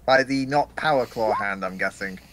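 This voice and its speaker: A man playing in a tabletop game, joking and excitable as he talks. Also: on the low side, moderate pace. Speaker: player. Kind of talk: casual tabletop play.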